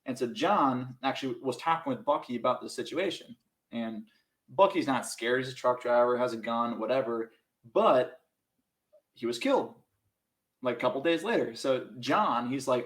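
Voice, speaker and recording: A young man from Minnesota tells a story on a podcast, animated and loose, slipping into other voices and filling every pause with "like." His pitch sits right in the middle for a man. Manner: animated, acts out voices in his stories, many "like" fillers. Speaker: podcast guest. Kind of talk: casual storytelling.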